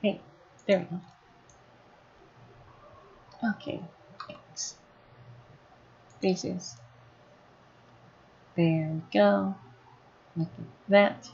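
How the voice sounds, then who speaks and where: A woman running a casual live software tutorial, thinking aloud as she works. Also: on the low side, steady tone, very slow, creaky, long pauses, slightly rough, lo-fi sound. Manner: thinking aloud while working, casual and chatty. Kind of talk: live screen-recorded tutorial.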